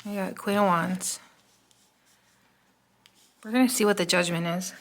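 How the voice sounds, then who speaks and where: Woman tarot reader, lowish gravelly voice, casual and musing, fillers throughout. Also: fairly even intonation, a little slow. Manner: musing, chatty, many "um" fillers.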